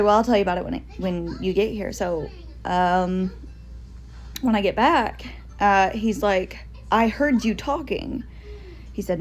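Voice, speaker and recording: Woman, casual storyteller, animated, quoted voices, middle pitch, soft music underneath. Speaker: storyteller in a social media clip.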